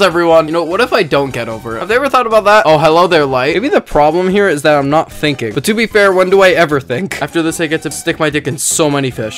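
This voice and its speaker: A young man giving crude comedic commentary while playing a frustrating game, loud and erratic, breaking into shrieks of frustration. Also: fairly high pitch, expressive, a little fast, hardly any pauses, soft background music. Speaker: gaming YouTuber.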